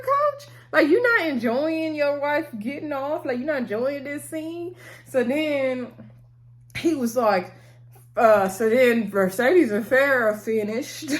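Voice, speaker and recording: Vlogger, woman, casual recap to camera, animated, frequent laughs, lots of fillers. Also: slight background noise. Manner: animated, high-pitched exclamations. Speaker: TV episode reviewer. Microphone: talking to camera.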